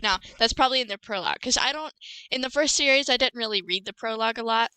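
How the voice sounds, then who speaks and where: A young woman hosts a casual podcast, retelling a book's plot with lots of restarts and little giggles. Her voice is bright and smooth, and the sound is dry and close. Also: fairly high pitch, fast, dry recording, poor audio. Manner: rambling, self-correcting, giggly. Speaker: podcast host. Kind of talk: casual book recap chat.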